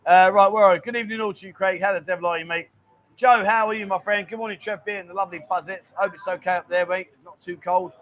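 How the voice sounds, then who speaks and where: A man's voice: high-pitched, fairly even intonation, quick pace, highs cut off, a little hiss or hum. A man hosting a casual live stream, chatting and reading out viewer greetings. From England.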